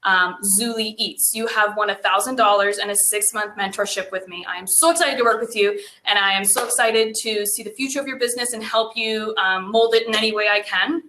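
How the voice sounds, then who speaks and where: Eager, bright-voiced Canadian woman. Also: medium pitch, fairly quick, few pauses. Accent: Canadian English. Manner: eager and earnest, many ums. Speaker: grant presenter and business owner. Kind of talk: unscripted virtual event speech.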